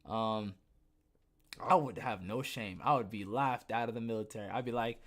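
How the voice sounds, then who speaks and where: A man's voice: medium pitch, normal speed. A young adult man hosting a podcast, reading news aloud and breaking off into sarcastic asides, with many fillers and restarts. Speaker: podcast host.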